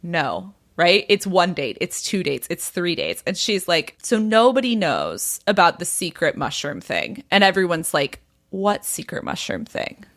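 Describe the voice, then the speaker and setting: A woman's voice: on the low side, measured pace, few pauses. A woman podcast host in casual chat, animatedly retelling a story and acting out what people said, with a lot of "like". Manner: animated retelling, acts out quoted people, frequent "like".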